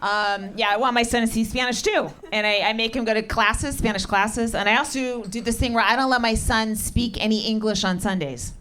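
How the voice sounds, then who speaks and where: A middle-aged woman doing stand-up comedy with crowd work, deadpan, sardonic and profane. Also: on the high side, a little fast, hardly any pauses. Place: comedy club stage. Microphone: handheld stage mic. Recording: live club recording with crowd. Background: laughing audience.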